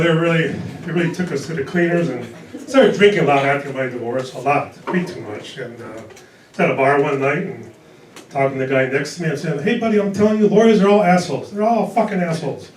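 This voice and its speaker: A man in his early sixties performing a stand-up comedy set on a club stage, delivering dry one-liners in a deadpan way. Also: fairly high pitch, background noise. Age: 60s. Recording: echoey club recorded from a distance. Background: audience laughter.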